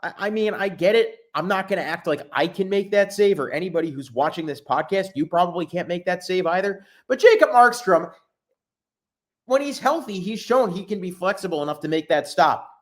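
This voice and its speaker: A man hosting a solo sports podcast, exasperated, swinging between low muttering and loud outbursts. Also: animated, fairly quick. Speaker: podcast host.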